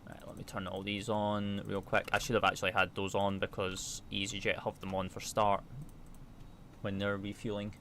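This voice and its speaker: UK man streaming a flight sim, chatty and relaxed, reads figures aloud, lowish voice. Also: normal speed, slight background noise. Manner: chatty, reads checklist numbers and answers chat aloud. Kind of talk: casual chat while flying a simulator.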